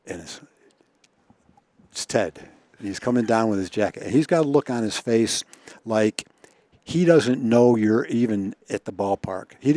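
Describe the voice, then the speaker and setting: A man's voice: lowish voice, darkish tone, no echo. A man telling baseball anecdotes in a casual chat, chuckling often and repeating words as he goes. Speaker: guest storyteller.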